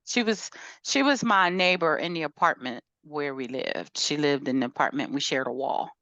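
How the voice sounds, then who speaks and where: A woman's voice: low-pitched, animated, normal speed, fairly bright tone, no room sound. Laid-back slangy woman podcast host. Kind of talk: casual chat.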